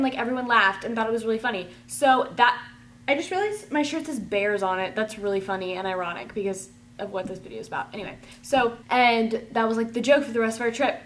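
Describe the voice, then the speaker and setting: A woman telling a rambling, chatty storytime, full of "like" and excited gushing. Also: a little high, quick pace, a little hiss or hum. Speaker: vlogger. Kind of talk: casual storytime.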